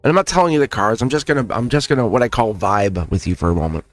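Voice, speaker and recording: A man hosting a spiritual tarot talk, speaking in an animated way with lots of repetition and frequent laughs. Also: medium pitch, fast talker, dry recording, faint music behind. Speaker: tarot reader and channel host.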